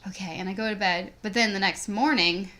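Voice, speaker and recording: A woman's voice: medium pitch, a little fast, sharp tone, a little hiss or hum. A young woman co-hosting a podcast, casually telling a story and filling it with "like". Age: teens. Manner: rambling, says "like" constantly. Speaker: podcast co-host.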